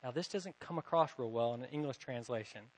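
A man's voice: medium pitch, a little fast, low-quality recording. A man teaching a Bible lesson, reading passages aloud and explaining them with occasional self-corrections. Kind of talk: lecture reading and explaining scripture.

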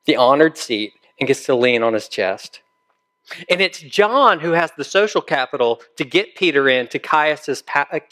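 Male preacher, a little high in pitch, talks to the congregation like a chat and keeps asking them questions. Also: fairly bright tone. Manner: conversational, asks listeners questions. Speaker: pastor. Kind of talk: sermon.

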